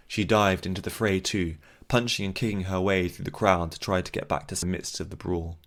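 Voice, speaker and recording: A man narrating a fantasy audiobook in a steady, measured storytelling voice. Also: low voice.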